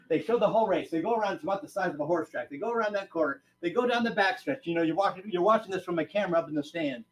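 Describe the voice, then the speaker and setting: Animated preacher man, big loud-soft swings. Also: a little high. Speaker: pastor. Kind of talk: sermon. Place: church sanctuary.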